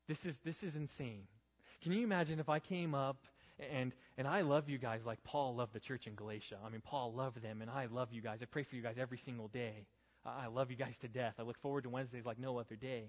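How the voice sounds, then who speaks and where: A man's voice: medium pitch, brisk. A young man giving a youth group sermon as pastor, earnest, building to pleading rhetorical questions. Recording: dull, reverberant hall sound.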